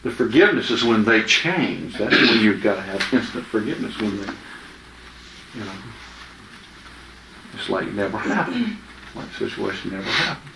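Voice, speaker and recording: A man's voice: lowish voice, sing-song, moderate pace, gravelly, pauses often, noisy background. A man giving informal Bible teaching in a chatty, anecdotal way, often laughing. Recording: echoey room with faint ambience.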